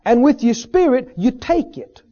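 A male preacher with a high, mellow voice delivers an earnest teaching sermon to a congregation. He leans on repetition and rhetorical questions. The recording is dull and lo-fi. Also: lively intonation, unhurried. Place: church service with a congregation.

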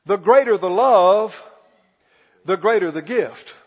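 High-voiced slow preaching pastor. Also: male voice, expressive, husky. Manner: preaching with call-and-response, slow emphatic stretches. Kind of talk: sermon. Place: church. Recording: muffled recording in a reverberant church hall.

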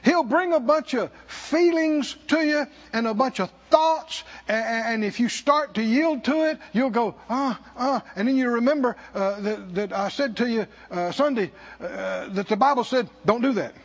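A man preaching a sermon as pastor, calling for responses from the congregation and rising to shouts. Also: extremely high pitch, moderate pace, hardly any pauses. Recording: dull lo-fi sermon recording.

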